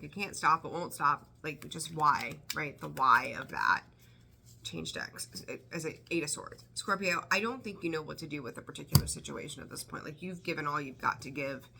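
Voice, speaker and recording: A woman's voice: sits low, vocal fry, bright, forceful tone, a little hiss or hum. A woman giving a casual tarot reading, rambling and swearing freely with exasperated outbursts. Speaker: tarot reader.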